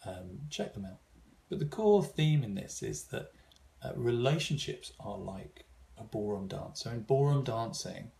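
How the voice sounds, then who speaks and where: Gravelly low-voiced man. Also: expressive, unhurried, dark tone. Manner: thoughtful, with frequent fillers and restarts. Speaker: seminar speaker. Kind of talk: informal seminar talk.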